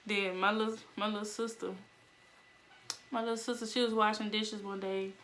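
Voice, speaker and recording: Young woman vlogger, lively storyteller who laughs and acts out voices. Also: mid-range voice, normal speed, a little hiss or hum. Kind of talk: casual storytelling.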